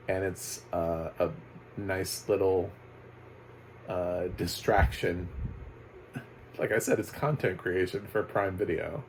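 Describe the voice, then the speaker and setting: Man, movie reviewer, low voice, casual rambling talk, lots of ums and restarts, faint background hiss. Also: slow, long pauses, darkish tone, rough recording. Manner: rambling, chuckling, many fillers and restarts.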